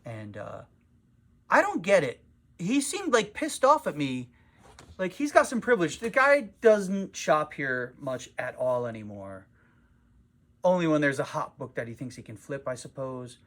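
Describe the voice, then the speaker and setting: A man's voice: fairly high pitch, very animated, unhurried, a bit bright. A man who runs a comic shop, venting in a casual vlog with a profane, self-mocking manner, recorded in his shop.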